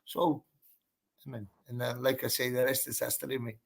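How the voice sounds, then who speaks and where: A man's voice: medium pitch, little pitch movement, moderate pace, creaky. A man, a boxer telling his story in a casual interview, blunt and emphatic, swearing and calling the listener mate and bro.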